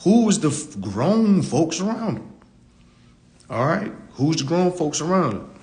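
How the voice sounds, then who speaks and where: A man's voice: on the high side, big pitch swings, a little slow, darkish tone. A man giving a casual live-stream talk into a phone, blunt and preachy, repeating his points and cursing freely.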